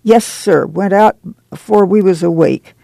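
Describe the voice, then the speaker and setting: A woman's voice: mid-range voice, a little slow, creaky, dark tone, dry recording. Weary, guarded migrant mother, read by a man, plain rural speech, storybook reading, dry close sound. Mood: bustling. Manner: folksy rural dialect speech.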